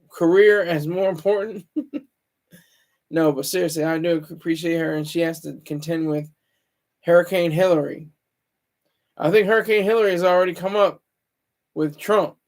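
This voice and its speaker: A man talking alone on his livestream, rambling and opinionated, often stopping to correct himself. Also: fairly high pitch. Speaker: streamer. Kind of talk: casual solo livestream monologue.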